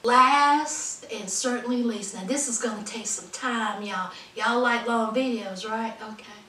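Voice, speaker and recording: A woman with a high, bright voice talks through a reality show recap in a sassy, outspoken way, taking her time. She sits back from the mic in an echoey room. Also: measured pace. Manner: sassy, outspoken, calls viewers honey and y'all. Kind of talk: casual commentary. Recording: roomy echo, distant from mic.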